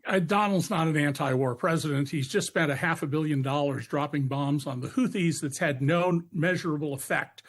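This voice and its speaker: A man's voice: on the high side, husky. A man speaking as a guest commentator in a live TV news debate, blunt and sharply critical, with frequent fillers. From United States.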